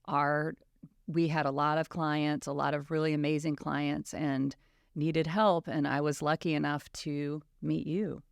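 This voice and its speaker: Deep-voiced woman cohosting a podcast, earnest, dry close sound. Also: level tone, unhurried, gravelly, no room sound. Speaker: family law attorney, podcast co-host. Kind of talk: casual conversational chat.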